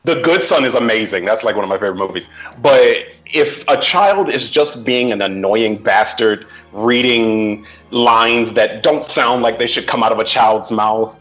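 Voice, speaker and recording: A man's voice: on the low side, normal speed, few pauses, fairly bright tone, highs cut off. A man co-hosting a podcast in casual chat, blunt and theatrically exaggerated. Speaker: podcast co-host.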